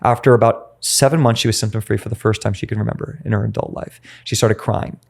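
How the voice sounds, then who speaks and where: A man, a nutritionist guest on a podcast interview, explaining and acting out stories with his clients in an animated way. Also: on the low side, fast, creaky. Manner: animated storytelling, acts out dialogue.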